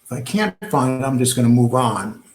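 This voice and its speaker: A man's voice: medium pitch, expressive, brisk. Scornful man in an echoey room. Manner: scornful, dismissive. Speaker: commentary channel host. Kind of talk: reaction commentary.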